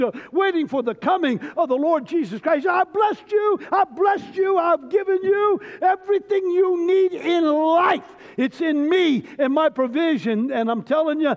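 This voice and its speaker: A middle-aged man preaching a live sermon, his voice strikingly high for a man. He moves between loud, shouted emphasis and quiet, halting stories. The recording sounds slightly muffled and carries the long reverb of a church hall. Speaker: pastor. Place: church sanctuary.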